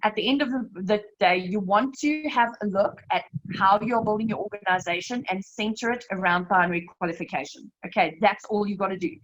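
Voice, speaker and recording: A woman leading a live slide presentation, explaining step by step in a brisk, emphatic way and often calling her listeners "you guys". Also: medium pitch, dull audio. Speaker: network marketing team leader presenting a webinar.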